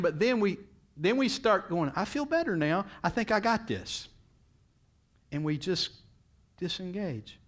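A man's voice: high voice, big pitch swings, normal speed, a bit bright. A middle-aged male pastor preaching a sermon in a storytelling way, his voice jumping up when he quotes people.

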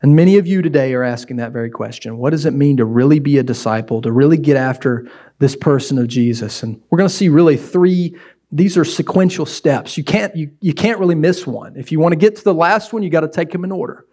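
Animated preaching man, fairly high voice. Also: fairly quick. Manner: animated preaching, acts out scenes. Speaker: pastor. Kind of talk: sermon.

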